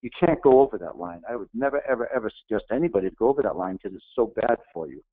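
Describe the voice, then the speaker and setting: A man's voice: fairly low pitch, expressive, rapid-fire, dry recording. A middle-aged man giving an earnest, emphatic motivational talk as a guest speaker. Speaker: guest speaker, retired Navy SEAL. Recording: tinny phone-like, dry.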